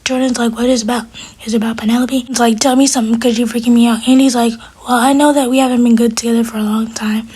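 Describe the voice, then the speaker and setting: Quick breathy woman recapping a show. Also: fairly high pitch, steady tone, a little mellow. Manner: quick, breathy retelling with quoted dialogue. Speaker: TV episode reviewer. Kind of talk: casual recap.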